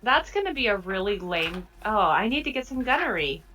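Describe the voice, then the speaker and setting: A woman's voice: mid-range voice, sing-song, brisk, noisy background. A woman chatting casually as a player in a tabletop game, a little hesitant.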